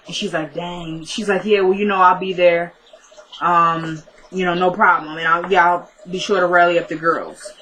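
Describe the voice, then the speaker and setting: A woman's voice: lowish voice, little pitch movement, normal speed, fairly bright tone, a little hiss or hum, rough recording. A woman casually recapping a TV episode, retelling the dialogue in a chatty way. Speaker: TV recap vlogger.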